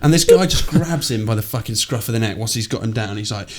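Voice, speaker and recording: A man's voice: fairly low pitch, fast. Sweary man telling stories. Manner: swears a lot, animated storyteller. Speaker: podcast co-host. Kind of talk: casual chat.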